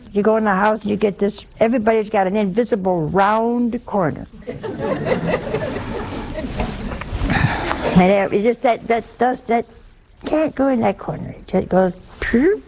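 An older woman preaching on forgiveness, telling wry anecdotes and quoting slowly and deliberately. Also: medium pitch, vocal fry, darkish tone, a little hiss or hum. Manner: storytelling, slow deliberate quoting, wry humor. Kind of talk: religious talk with anecdotes.

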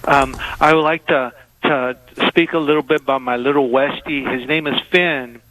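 A man calling in to a radio show by phone, telling a heartfelt story haltingly and with many hesitations. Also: medium pitch, steady tone, fairly bright tone, a little hiss or hum, poor audio. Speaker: caller. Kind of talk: call-in radio talk. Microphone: phone call.

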